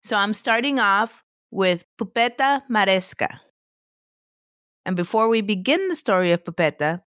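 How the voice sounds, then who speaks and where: A woman's voice: mid-range voice, fairly bright tone, no echo. Chatty woman podcast host, dry close sound. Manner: laughs often, loose conversational narration. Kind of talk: casual podcast chat and storytelling.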